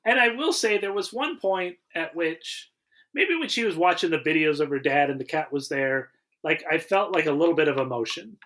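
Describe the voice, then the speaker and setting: List: man, podcast co-host, lively swooping pitch, chatty movie recap, casual. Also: moderate pace. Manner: animated plot recapping with laughs. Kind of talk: casual movie review chat.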